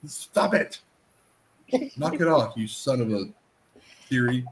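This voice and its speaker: A man streamer chats casually in a playful, teasing, joking way. His voice is mid-pitched, and his intonation is lively, swinging widely up and down. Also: slow pace. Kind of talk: casual chat.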